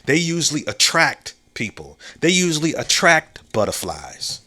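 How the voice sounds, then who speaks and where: This podcast host's voice sits fairly high, swinging widely in pitch and sounding pushed and bright. Talking alone in a relaxed, reflective way, he loops back to key phrases, drops slang, and often checks in with "you know what I'm saying?". His lines stretch out lazily and he frequently starts over.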